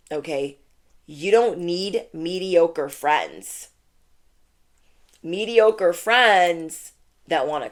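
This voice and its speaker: A woman with a fairly low voice delivers a channeled tarot reading. She talks casually and bluntly, stacks repeated phrases for emphasis and fills her speech with "like". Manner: emphatic and repetitive, lots of "like". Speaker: tarot reader.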